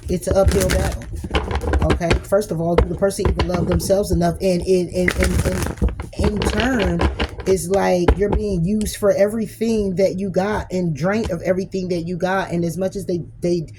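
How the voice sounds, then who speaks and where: A woman's voice: lowish voice, steady tone, moderate pace, heavy background noise. A woman giving a casual, blunt tarot reading who swears freely and acts out imagined arguments. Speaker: tarot reader.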